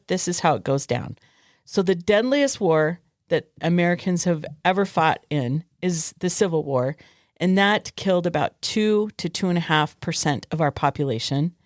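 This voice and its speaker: A woman's voice: on the low side, a little mellow, dry recording, studio quality. A woman co-hosting a podcast in casual chat with an Arizona accent, earnestly steering the talk back to her topic. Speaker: podcast co-host.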